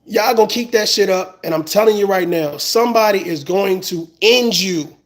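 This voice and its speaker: Speaking at a moderate pace, this man's voice sits high. He's a commentator in a profane, fired-up rant, and the angrier he gets, the more he repeats words.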